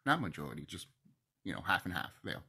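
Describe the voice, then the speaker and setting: A man's voice: low voice, big pitch swings, fairly quick, vocal fry, sharp tone, slightly rough. A man hosting his own channel, ranting to camera in a heated, profane, preachy way. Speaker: channel host.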